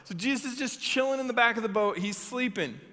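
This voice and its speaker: A young male youth pastor tells a Bible story with animated energy, jumping into the characters' lines. His voice is high and sharply bright. Long reverb of a hall trails behind him. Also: a little fast. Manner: animated, acts out the story with shouted quotes. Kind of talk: youth sermon with Bible reading.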